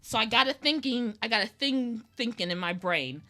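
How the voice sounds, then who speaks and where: A woman's voice: on the high side, animated, moderate pace, bright, forceful tone. A woman streaming her digital drawing process, chatting casually and rambling playfully as she talks to herself about each step. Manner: rambling, self-talking, playful. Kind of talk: casual live-stream chat while drawing.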